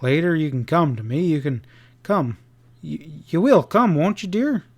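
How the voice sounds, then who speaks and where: A man voicing a frightened young cowhand in a western audiobook, hurried and stammering. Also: on the high side, animated. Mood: desperate.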